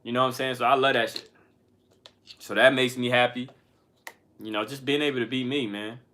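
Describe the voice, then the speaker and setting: Speaking a little fast with fairly even intonation, the man has a medium-pitched, sharp-toned voice. He makes music and hosts a channel, giving viewers an offhand motivational talk full of slang and swearing.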